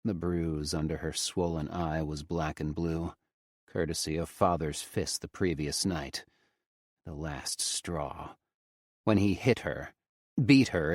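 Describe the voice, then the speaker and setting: A male audiobook narrator reading a first-person story in a grave, measured manner on a close studio mic. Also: deep voice, no room sound.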